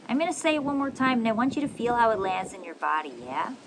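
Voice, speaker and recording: A woman's voice: fairly high pitch, quick pace. Upbeat woman coaching in a noisy recording, with traffic sounds behind her. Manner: animated and affectionate, with frequent checks for agreement. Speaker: podcast host and communication coach. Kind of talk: coaching monologue.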